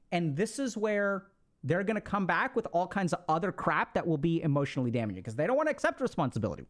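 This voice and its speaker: Man, slightly high voice, casual advice talk, chatty, lots of fillers. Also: sing-song, racing. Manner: conversational, filler-heavy, checks in with "right?". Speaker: speaker giving relationship advice.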